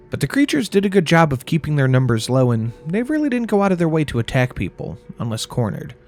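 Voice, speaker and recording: A man reads a first-person horror story at a middle pitch, his tone dry and sardonic, with frequent swearing. Faint music runs quietly under the narration. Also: fairly quick, hardly any pauses. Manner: wry, profane, deadpan storytelling.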